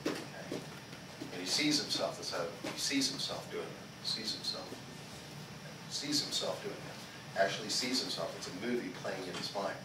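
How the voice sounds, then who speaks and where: This medium-pitched male voice belongs to a martial arts instructor teaching a small group at a karate school. He keeps asking "okay?" after nearly each sentence, poses questions to the class, and calls out chants, all recorded from far away in an echoey hall with noise in the background.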